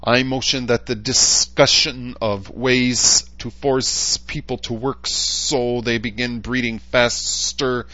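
Man voicing a wry council elder, dry, raised pitch, storybook audiobook. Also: fairly even intonation, sharp tone, no room sound, highs cut off. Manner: dry and deliberate.

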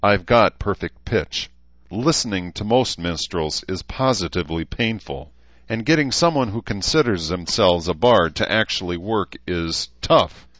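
A man's voice: low voice, expressive, a little slow, fairly bright tone, no room sound, pitched above the performer's own voice. A man voicing a weary middle-aged male town leader who speaks coldly and wryly. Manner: cold, wry, talkative. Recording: slightly dull recording.

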